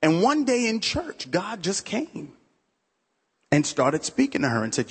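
A man's voice: a little high, big pitch swings, takes it slowly, long pauses, breathy edge, in a large hall. A man, a pastor, telling his own testimony during a sermon in a conversational, storytelling way, full of "you know" asides. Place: church sanctuary.

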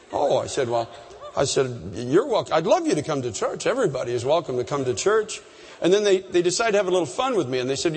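Husky male preacher in a reverberant hall. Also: a little high. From Canada. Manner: animated storytelling, voice rising at climaxes. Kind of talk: storytelling sermon. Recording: long reverb in a large hall.

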